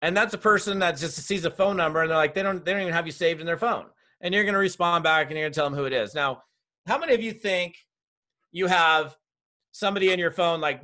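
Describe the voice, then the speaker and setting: A man with a voice that sits a bit high runs a group coaching session over a video call. He is energetic and direct and talks straight to his listeners. He speaks as a network marketing trainer.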